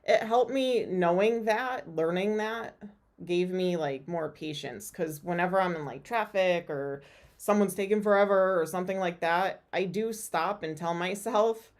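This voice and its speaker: A woman's voice: lowish voice, a little slow. A woman host chatting casually on a live stream, loose and giggly, with plenty of fillers. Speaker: host and tarot reader.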